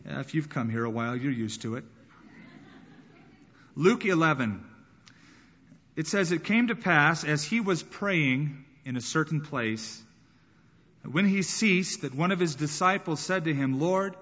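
Male pastor, slightly high voice, dramatic sermon delivery, dull recording in a large reverberant room. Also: lively intonation, unhurried, pauses often, a bit bright. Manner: dramatic, acting out voices in the scripture.

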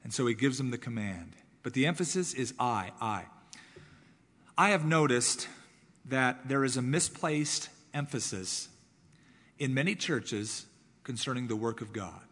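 A man's voice: medium pitch, animated, measured pace. Emphatic man preaching in a hall. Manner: emphatic, repeats words for stress, shifts between loud and soft. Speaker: pastor. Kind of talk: sermon.

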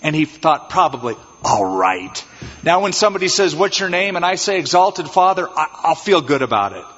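A man preaching an expository sermon as pastor, animated and acting out little scenes in changed voices. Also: fairly high pitch, fast talker, breathy edge. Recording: dull, reverberant church hall sound.

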